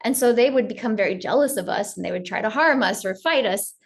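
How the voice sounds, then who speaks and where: A woman teacher giving a gentle, story-filled spiritual talk on yoga. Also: fairly high pitch, animated, fast, gravelly.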